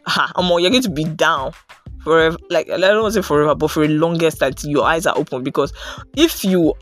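A woman's voice: deep voice, fast, faint music behind. A young woman giving an earnest, casual motivational talk. She fills her speech with "like" and "right?". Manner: earnest, animated, many fillers like "like" and "right?". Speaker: motivational podcaster.

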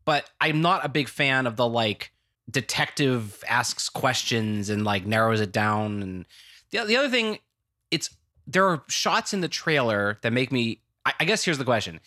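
Bright american dude rambling about movie trailers, lots of restarts. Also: male voice, medium pitch, moderate pace. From United States. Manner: animated, rambling, frequent restarts. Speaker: podcast co-host. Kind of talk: casual movie chat.

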